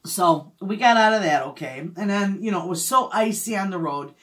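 A middle-aged homestead vlogger from Michigan, USA, chats casually and tells a story, laughing often. Her mid-range voice is expressive and fairly quick.

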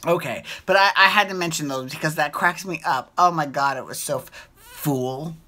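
Woman chatting away about tv, bright low voice, giggly and gushy. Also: a little fast. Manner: gushing, giggly, repeats herself. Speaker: podcast host. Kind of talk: casual chat recap.

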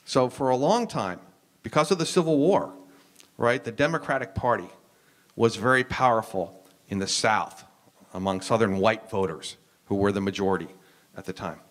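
An American university professor speaking on a panel, explaining at length with frequent "um"s and restarts. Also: male voice, on the low side, animated, moderate pace. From United States. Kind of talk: lecture-style discussion.

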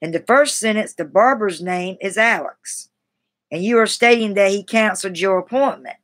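A woman's voice: medium pitch, normal speed, a bit bright. A woman on a live stream reads passages from a grammar book in a mid-range voice. She halts and restarts words often and breaks off to chat with viewers in a self-deprecating way. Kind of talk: reading aloud from a grammar book with asides to chat.

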